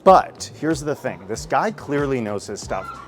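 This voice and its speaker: A man from the United States in his thirties, chatting excitedly and casually while tasting pastries on city streets, swearing now and then. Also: mid-range voice, a little slow, over music. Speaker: food vlogger. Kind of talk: casual food vlog. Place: streets and bakeries of a city, outdoors.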